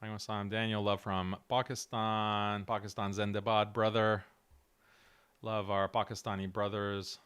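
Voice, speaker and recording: A man's voice: fairly low pitch, little pitch movement, fairly bright tone, smooth. A male show host with a strained, cracking voice, talking earnestly through a livestream and answering chat. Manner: earnest, direct, slightly halting. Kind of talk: livestream talk reading chat.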